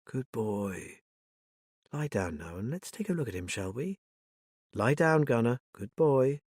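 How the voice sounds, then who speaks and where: A man's voice: medium pitch, very animated, normal speed, slightly rough, dry recording, voice pushed up. Casting: man playing a level-headed ex-cop woman, commanding then soothing, dry close sound. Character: calm, firm middle-aged woman, ex-police.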